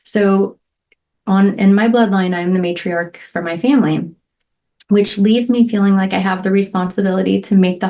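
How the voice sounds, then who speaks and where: A woman's voice: mid-range voice, a little mellow. Middle-aged woman doing her solo podcast, earnest and heartfelt, lots of "right?" and "um"s. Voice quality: emotional, near tears at moments. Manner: heartfelt, frequent "right?" and "um" fillers. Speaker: podcast host. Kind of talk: reflective solo podcast talk.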